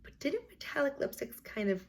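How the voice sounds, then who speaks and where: A woman's voice: high-pitched, very animated, moderate pace, gravelly. A young woman talking casually and chattily as a beauty vlogger, sharing her opinions on new makeup releases with lots of "like" and "um". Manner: chatty, opinionated, filler-heavy. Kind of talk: casual product review.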